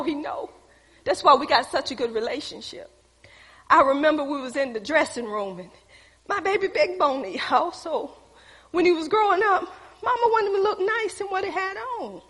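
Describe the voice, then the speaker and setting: High-voiced woman preacher, animated. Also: in a large hall. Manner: animated, acting out quotes, addressing the crowd. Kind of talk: sermon testimony storytelling.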